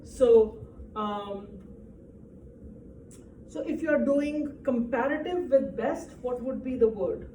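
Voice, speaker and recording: A woman teaching a grammar lesson speaks slowly in a fairly high, mellow voice. She explains patiently and keeps checking that the class follows. She is recorded from across an echoey classroom, with faint background noise. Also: expressive. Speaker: English teacher. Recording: echoey room, distant mic, faint noise.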